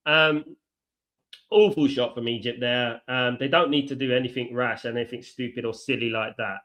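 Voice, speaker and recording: A man hosting a live football watchalong, chatty, reacting to play and giving shout-outs to viewers. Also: medium pitch, fairly even intonation, normal speed. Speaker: watchalong host.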